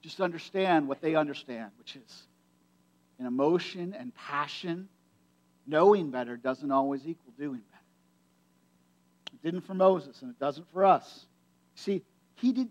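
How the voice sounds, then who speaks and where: A pastor with a notably high-pitched male voice delivers a sermon. He talks to the congregation in a casual, conversational way and drives his points home by repeating key phrases. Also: unhurried, pauses often, a little mellow. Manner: conversational, emphatic preaching with repetition.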